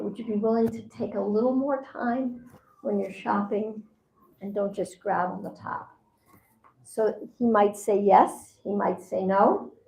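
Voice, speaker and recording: A woman's voice: a little high, creaky, a little mellow. A woman teaching at a spiritual seminar in a conversational way, often acting out what people say. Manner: conversational, acts out quoted voices. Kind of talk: seminar talk. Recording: roomy echo.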